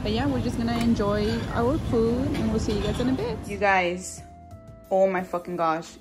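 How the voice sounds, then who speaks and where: A woman in her late twenties talking casually to her viewers as a vlogger, chatty and excitable, swearing often. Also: mid-range voice, moderate pace, music in the background. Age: late 20s. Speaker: vlogger, boutique owner. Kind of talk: casual vlog chat.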